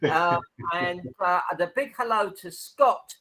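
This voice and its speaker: A man's voice: sits high, slow pace, over a noisy crowd, rough recording. A man guest in a casual chat, telling stories and laughing often. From County Clare, Ireland. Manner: chatty storyteller, laughs often. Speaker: podcast guest.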